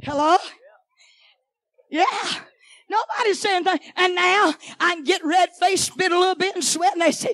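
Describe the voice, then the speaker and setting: A middle-aged woman, preaching a fiery sermon in church, shouting, chanting and throwing questions at the congregation. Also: very high-pitched, moderate pace, no room sound. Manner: shouting, chanting, call-and-response asides. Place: church sanctuary.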